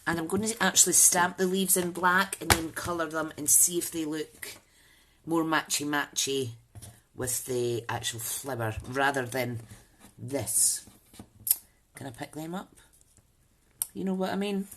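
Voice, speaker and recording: A woman's voice: sits low, a bit bright, a little hiss or hum. A woman hosting a live crafting demo, chatting and thinking aloud as she works and greeting viewers by name. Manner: chatty, rambling, thinks aloud while working. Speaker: crafting channel host.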